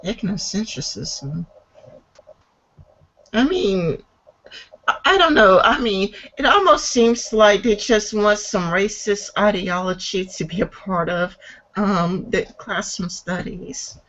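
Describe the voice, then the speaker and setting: A woman co-hosting a casual podcast chat, talking haltingly with many fillers and restarts, sometimes reading news aloud. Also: medium pitch, a bit bright, dull audio. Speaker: podcast co-host.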